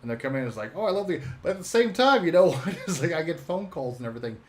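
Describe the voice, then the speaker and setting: A man's voice: fairly high pitch, very animated, racing. A man co-hosting a podcast in casual chat, rambling, laughing often and swearing now and then. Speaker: podcast co-host and shop owner.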